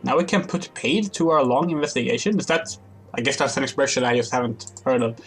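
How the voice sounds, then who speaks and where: A man's voice: medium pitch, steady tone, brisk, soft background music, close to an everyday voice. A man reading aloud the formal lines of a composed woman leader in a game. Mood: explaining.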